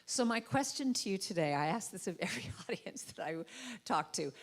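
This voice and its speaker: A woman gives an inspirational talk from a church stage. She speaks playfully and slips into high, comic voices to act out what people say. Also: expressive, brisk. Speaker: guest speaker and musician. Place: church sanctuary. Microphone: handheld or headset mic with trouble.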